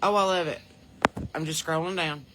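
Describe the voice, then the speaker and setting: Over a noisy background, a podcast host with a Southern US accent chats folksily on a casual livestream, reading out viewers' names and home states. Her voice is low-pitched and steady at a normal speed.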